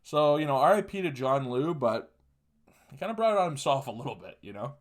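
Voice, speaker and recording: Young dude podcasting, cursing constantly, blunt and mocking, regular mid voice. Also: male voice, medium pitch, very animated, brisk. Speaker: podcast host. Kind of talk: casual monologue.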